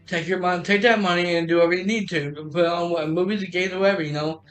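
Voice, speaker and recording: A man's voice: high voice, fairly even intonation, fast talker, a bit bright. A man telling a personal story in a casual, rambling way, often restarting and repeating "I said.".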